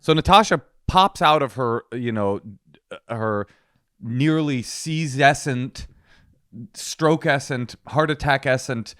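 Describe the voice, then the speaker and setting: A man's voice: medium pitch, slow, clear, resonant tone. A man co-hosting a comedy podcast, telling a story with acted-out quotes in casual chat. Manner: animated storytelling, acts out quotes loudly. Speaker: podcast co-host.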